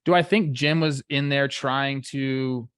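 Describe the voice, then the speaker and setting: A man's voice: medium pitch, fairly even intonation, a little slow, fairly bright tone, clean tone, dry recording, clean studio sound. A man in his thirties co-hosting a casual sports talk show, talking loosely and filling his speech with "like" and "dude.". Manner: loose, filler-heavy, says like and dude a lot. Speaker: podcast co-host, former ballplayer.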